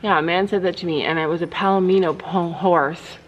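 A woman vlogger and horse owner talking casually to the camera. She rambles through her stories with many restarts and switches to a high sing-song voice when she speaks to her animals. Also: fairly even intonation, fairly quick, lo-fi sound, slight background noise. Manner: rambling storytelling with frequent restarts. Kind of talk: casual chatty vlog.

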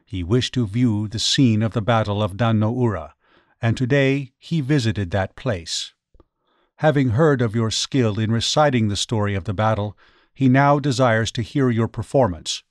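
Guy reading as a stern samurai messenger, commanding and curt, low-ish voice, dry audiobook sound. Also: moderate pace, dry recording, lightly acted. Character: stern armored samurai retainer, commanding man.

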